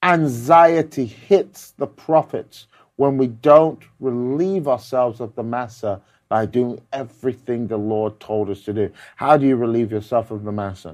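A man preaching a sermon in an emphatic style. He counts off numbered points and quotes scripture, swinging between loud, forceful lines and quiet, hushed ones. His voice sits at an ordinary middle pitch for a man.

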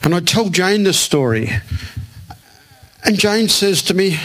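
Guy preaching in church, tells his story all animated, voice sits kinda high. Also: a little slow, pauses often. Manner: animated storytelling, acting out quoted lines. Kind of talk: sermon with storytelling. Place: church hall with audience.

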